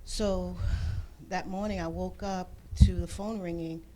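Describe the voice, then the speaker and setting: A woman talk show guest giving an animated personal testimony, acting out the voices she quotes and using churchy phrasing. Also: on the low side, unhurried, a little hiss or hum.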